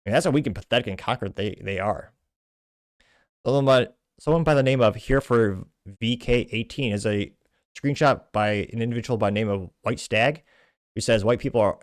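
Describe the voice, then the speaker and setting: A man's voice: lowish voice, no echo, clean studio sound. A man hosting a commentary show, reading out social media posts and adding scornful remarks between them. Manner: brisk, scornful commentary between read-out quotes. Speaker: podcast host.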